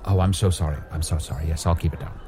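A man voicing a loud, boastful, bumbling male wizard in improvised comedy role-play. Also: high-pitched, sing-song, normal speed, a little hiss or hum. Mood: sheepish. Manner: bombastic, loud, then sheepish.

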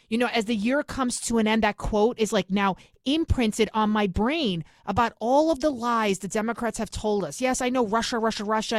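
A woman's voice: on the high side, no room sound, studio quality. Fiery New York woman political host. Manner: fiery, sarcastic, rapid-fire. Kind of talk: opinionated political monologue.

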